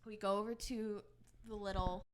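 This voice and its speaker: A young woman co-hosting a chat podcast, spinning a long anecdote. She slips into quick impressions of the people in the story, then goes back to her own relaxed, mid-pitched voice. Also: slight background noise. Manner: animated storyteller who acts out quoted dialogue. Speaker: podcast co-host.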